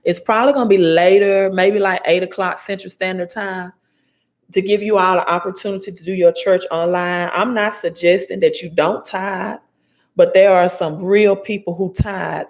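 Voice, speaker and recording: A credit and finance coach in her forties, speaking with a Southern Mississippi accent, gives an emphatic, preachy talk on money and business over live video from home. Her voice sits on the low side, and she keeps repeating her key points.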